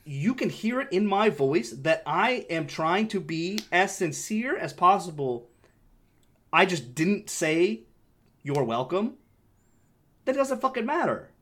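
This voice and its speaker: A young man with an animated delivery, casually telling a story on a podcast, swearing freely and acting out the voices of the people in it. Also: high voice, slow pace. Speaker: podcast co-host.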